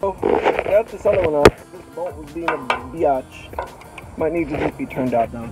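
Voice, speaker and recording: A man's voice: fairly high pitch, expressive, moderate pace, loud music behind the voice, low-quality recording. A man casually narrating his own boat repair, joking and talking to himself while he works outdoors under a sailboat, recorded on a handheld phone. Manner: joking, wisecracking, talks to himself while working. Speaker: sailboat vlogger.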